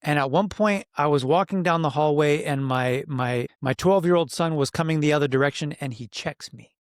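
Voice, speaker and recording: A man's voice: a little high, normal speed, clear, resonant tone, no room sound, studio quality. Earnest middle-aged man telling a personal story. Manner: earnest, reflective, acts out his own inner dialogue. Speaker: podcast guest, men's coach. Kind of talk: storytelling in a podcast interview.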